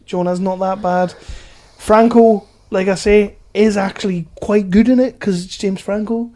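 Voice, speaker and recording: A man's voice: sits high, steady tone, measured pace, mellow. A man co-hosting a casual film podcast, chatty and sweary, who laughs often. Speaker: podcast co-host. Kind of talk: casual chat.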